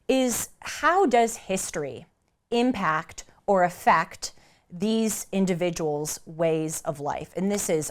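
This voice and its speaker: A young woman with an American accent talks straight to camera, her voice sitting a little low. She is chatty and animated, and she acts out the voices of the people she quotes. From United States. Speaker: vlogger. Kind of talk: casual talk to camera.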